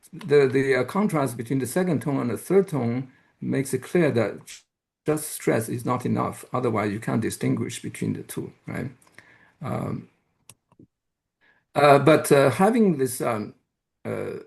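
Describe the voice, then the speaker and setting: A man giving an academic lecture who explains step by step, pauses often and checks in with the audience. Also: medium pitch, gravelly, a little mellow. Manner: hesitant, with frequent "uh" and restarts. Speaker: university lecturer.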